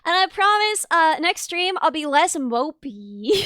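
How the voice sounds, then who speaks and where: A woman's voice: very high-pitched, very animated, takes it slowly, bright, forceful tone, no echo, studio quality. A woman hosting a live stream, gushing over a guest's story and thanking new followers in casual chat. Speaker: streamer host.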